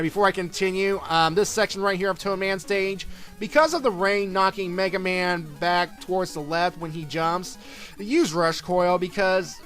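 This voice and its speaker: A man whose voice sits high and sounds a bit bright gives casual commentary over a video game playthrough. His let's play narration rambles, full of fillers, restarts, and self-corrections.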